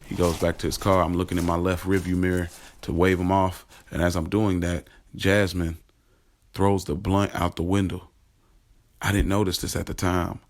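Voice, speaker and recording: A man's voice: low-pitched, little pitch movement, normal speed. A man narrating his own story in the first person, in a casual, streetwise and profane way. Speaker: narrator and creator.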